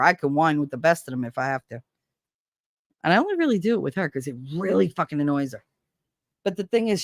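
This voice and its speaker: A woman's voice: sits low, no room sound, clean studio sound. A woman hosting a livestream, chatting casually with viewers, blunt and swearing freely, laughing often. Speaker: livestream host. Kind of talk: casual chat with live viewers.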